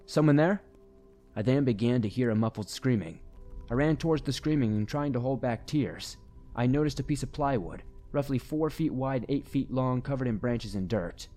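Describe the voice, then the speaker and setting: A man reading a first-person horror story aloud in a steady, grave storytelling manner. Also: medium pitch. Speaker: narrator. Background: faint music.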